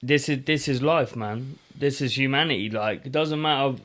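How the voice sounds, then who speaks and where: A man, a boxer, speaks on a casual podcast. His tone is earnest and reflective, and he leans on fillers as he gathers his thoughts. His voice sits in an ordinary middle pitch. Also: normal speed, fairly bright tone. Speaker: boxer guest.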